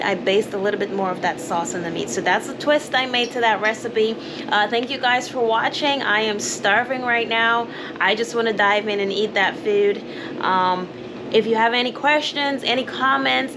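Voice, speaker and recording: A woman talks through a home cooking video step by step, chatty and easygoing. Her voice sits a little high. Steady noise runs under the recording. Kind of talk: casual cooking demonstration. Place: home kitchen.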